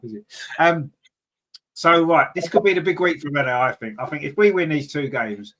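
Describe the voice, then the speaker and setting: A man hosting a fan podcast in casual, rambling chat, reading out viewer comments with many fillers and sudden excited jumps in pitch. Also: moderate pace. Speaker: podcast host.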